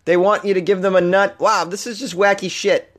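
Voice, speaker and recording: A man's voice: high voice, flat delivery, fairly quick, fairly bright tone. A man with a Boston accent hosting a comic news show, sarcastic and chuckling as he riffs, often tripping over his words. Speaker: podcast host.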